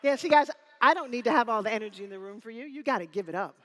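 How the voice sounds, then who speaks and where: Woman in her 50s pumping up a crowd on stage, bright punchy voice, teasing, a bit of room reverb. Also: on the high side, very fast. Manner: energetic, teasing, rallies the crowd with call-and-response. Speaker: motivational speaker. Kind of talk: live motivational keynote. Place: stage before a live audience in a hall.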